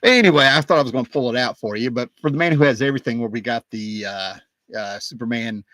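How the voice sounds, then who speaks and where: Man, casual host, excited and digressive, average pitch, dry close sound. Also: quick pace, no echo. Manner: excited, digressive, many fillers. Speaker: comic book collector and video host. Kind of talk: casual rambling talk.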